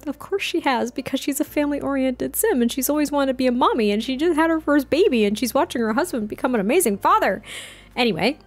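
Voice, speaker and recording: A woman's voice: high voice, lively intonation, fast talker. A young adult woman casually narrating a life-sim game in a chatty, exclaiming way. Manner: chatty, exclaiming, self-correcting. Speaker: let's play host. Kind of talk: casual gameplay commentary. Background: faint background music.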